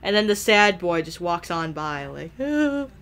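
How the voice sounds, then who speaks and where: A woman commentating a life-simulation game she is playing, excitable, swearing freely and laughing often. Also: on the low side, moderate pace, vocal fry. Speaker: gaming video creator. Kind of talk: let's play commentary.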